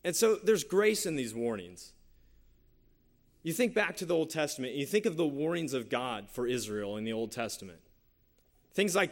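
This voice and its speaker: A man's voice: a little high, big pitch swings, moderate pace. A man preaching a sermon, earnest and conversational, often repeating his phrases and telling a personal story. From San Jose Bay Area, California. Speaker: pastor.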